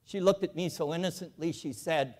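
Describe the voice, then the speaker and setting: A man giving an evangelical convention address in a large auditorium, telling folksy stories with animated, emphatic calls to the audience. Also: fairly high pitch, a little fast. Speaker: convention speaker, former bank president. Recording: hall reverb from a large auditorium.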